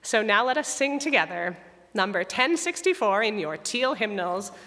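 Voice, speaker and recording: A woman music director talks to a congregation with a bright, clear tone. Her delivery is chatty and self-deprecating, and her voice sounds slightly worn from losing it. A long reverb fills the church around her. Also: mid-range voice, lively intonation, normal speed. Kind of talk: spoken reflection in a church service. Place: church sanctuary.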